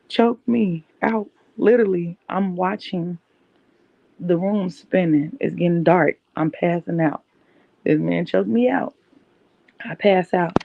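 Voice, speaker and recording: A young woman, telling a personal story candidly on her podcast in a conversational, animated way. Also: fairly low pitch, vocal fry, no echo. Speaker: podcast host. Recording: dull, dry, lo-fi mic.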